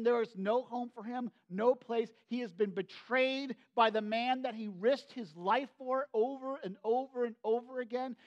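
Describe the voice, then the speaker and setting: Male pastor, conversational sermon delivery, animated storyteller. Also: very high-pitched, muffled recording. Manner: animated storytelling with many asides.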